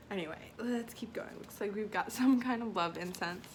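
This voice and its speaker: A woman unboxes something at home for her vlog and reads affirmation cards aloud, her medium-pitched voice unhurried amid slight background noise. She's a bit teary from crying, emotional and self-conscious, with soft, tearful stretches.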